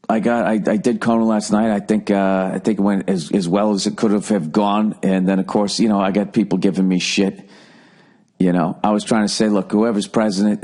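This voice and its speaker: Profane ranting man, low voice. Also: darkish tone. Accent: Boston. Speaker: podcast host. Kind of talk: casual rambling monologue.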